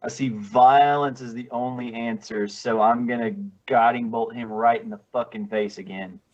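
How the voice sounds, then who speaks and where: A man's voice: medium pitch, steady tone, normal speed, a little mellow, lo-fi sound. A man playing a tabletop game, talking hesitantly and swearing casually. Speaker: player.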